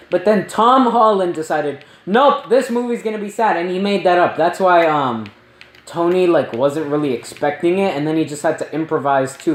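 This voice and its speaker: A man giving a casual spoiler movie review, rambling and excitable, with lots of ums and likes. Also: a little high. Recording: roomy echo.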